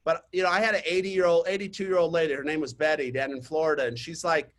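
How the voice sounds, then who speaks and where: A man's voice: on the high side, fairly even intonation, fast, fairly bright tone. Chatty man coaching a webinar audience. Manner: chatty storytelling, talks straight to the audience. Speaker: real estate marketing coach. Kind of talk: webinar presentation with sales pitch. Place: online webinar.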